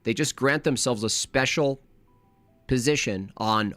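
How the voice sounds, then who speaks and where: A man's voice: mid-range voice, unhurried, a bit bright, dry recording, soft background music. A man hosting a live reaction stream, his talk combative and openly scornful. He slips into silly mimicking voices to mock the people he argues against. The sound is dry and close, with no room around it.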